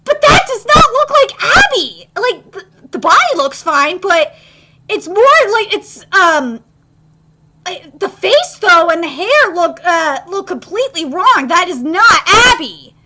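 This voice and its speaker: Speaking at a slow pace, a young woman reacts in real time to an anime episode. She gets excited, cusses freely, and jumps from loud squeals to low grumbles.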